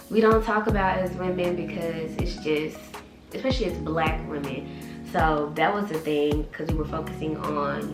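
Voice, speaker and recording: A young woman in her twenties chats to the camera about her life, animated and quick to act out what others said. Her voice sits a little low. The room sounds echoey and music plays underneath. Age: 20s. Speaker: vlogger and author. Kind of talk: casual storytelling vlog.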